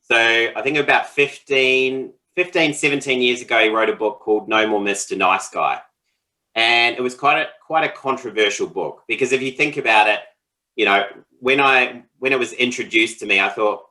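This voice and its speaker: Bright-voiced man, casual podcast chat. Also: medium pitch, moderate pace, low-quality recording. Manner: relaxed, rambling, laughs often. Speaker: podcast co-host.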